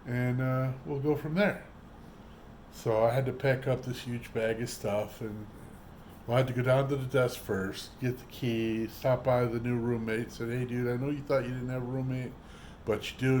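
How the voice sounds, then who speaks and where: Animated storytelling man vlogger. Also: mid-range voice, slight background noise. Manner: animated, acts out quoted voices. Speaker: trucker vlogger. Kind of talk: casual storytelling.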